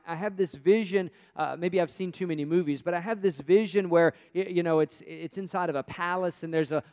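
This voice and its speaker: A man preaching a sermon, swinging between loud emphasis and hushed, quiet passages. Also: high-pitched, smooth, long reverb tail. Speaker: pastor.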